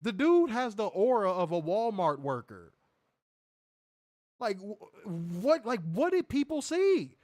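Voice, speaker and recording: A man hosts a casual wrestling review show, his fairly high voice swinging widely as he mocks and tells stories. The recording is dry and close, with no room sound. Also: takes it slowly, no echo. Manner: animated, mocking, lively storytelling with impressions. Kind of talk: casual profane podcast banter.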